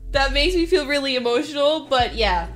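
A young woman streaming live, chatting and laughing easily with her viewers. Her voice sits high and bright. Soft music plays faintly underneath. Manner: bubbly, giggly, chats with viewers. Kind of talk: casual live-stream chat.

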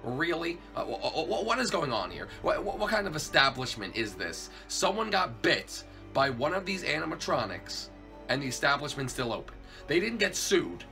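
A man's voice: a little high, very animated, moderate pace, vocal fry, sharp tone, faint music behind, full character voice. A man voicing a jittery failed cop turned night guard in a hobby plush video, stammering and repeating himself in panic. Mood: disbelieving.

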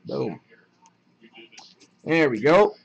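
A young man chatting casually while opening trading card packs on a live break, excited at the hits and muttering asides. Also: mid-range voice, extremely slow, gravelly, slight background noise, rough recording.

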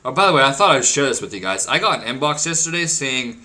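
A young man narrating his gameplay with a bright, sharp tone. He is excitable and crude, swearing freely and laughing or whooping when things go his way. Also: medium pitch, fast. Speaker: gaming video creator. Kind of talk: casual gameplay commentary.

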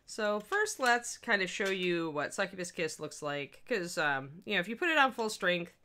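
A middle-aged woman with a notably low voice hosts a casual live-stream lesson. She talks in a chatty, upbeat way and greets her viewers by name as she works at her painting desk. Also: expressive, normal speed, bright, forceful tone. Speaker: miniature painting instructor, stream host.

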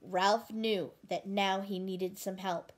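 A woman reading a picture book aloud, gently pausing to ask the listener questions about the story. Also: mid-range voice, fairly even intonation. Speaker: storybook reader.

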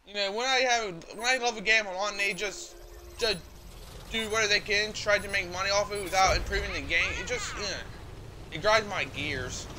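A man streaming a video game, chatting casually in a rambling, halting way with lots of fillers and restarts. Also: high voice, noisy background. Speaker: gaming livestreamer. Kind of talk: casual gameplay commentary.

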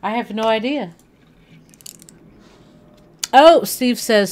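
A woman's voice: mid-range voice, a little slow. A woman livestreaming a video game from home, chatting casually and thinking aloud as she plays. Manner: chatty, animated, thinking aloud while playing. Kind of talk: casual gaming livestream chat. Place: home living room.

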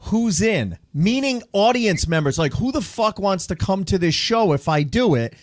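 Podcast host, comedian, man with a slightly high voice, swears freely, dry close mic. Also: animated, normal speed, no echo. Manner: blunt and profane, joking. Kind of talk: casual podcast chat.

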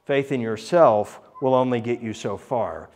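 A man preaching a sermon, earnest, reading scripture aloud dramatically and swinging between loud emphasis and quiet low points. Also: unhurried.

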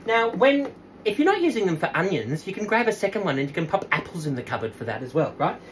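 Woman, casual cooking host, lower voice with lively melody, playful sing-song asides. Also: fast talker, background noise. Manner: chatty, laughs often, talks to viewers. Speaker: cooking demonstrator.

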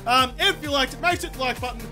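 A man narrating his own battle royale match in a high, bright, sharp voice. He swears constantly and moves from nervous muttering to furious shouting. It is loose, excitable gameplay commentary. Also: fast talker, soft background music. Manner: profane, excitable, swings to angry shouting. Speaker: gaming YouTuber.

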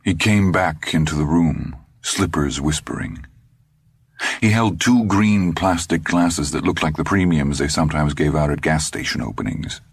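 A man narrating an audiobook in a deliberate storytelling manner, recorded on a close studio mic. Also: very deep voice, creaky, slightly rough, no echo. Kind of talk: scripted narration.

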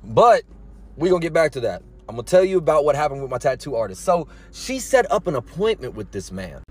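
A young man telling a story to camera in a casual, animated way, full of slang and nervous laughter. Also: on the high side, brisk. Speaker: TikTok storyteller.

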